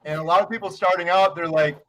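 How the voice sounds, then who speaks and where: Encouraging man co-host, high bright voice. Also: steady tone, quick pace, rough recording. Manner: encouraging, warm praise with small stammers. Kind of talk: livestream interview.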